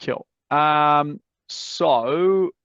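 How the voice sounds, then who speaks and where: In a laid-back advice chat on a video call, an Australian man mentors people on property, blunt and liberally profane. His voice runs fairly high, very slow, fairly bright, clear and resonant. The recording sounds dull and dry, without echo.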